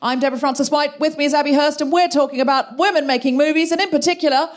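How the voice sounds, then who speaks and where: A woman hosting a live comedy podcast on stage, wry and brisk, talking about writing. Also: high-pitched, fairly even intonation. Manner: brisk, wry, jokey delivery. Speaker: podcast host and writer. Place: live stage show in a London venue.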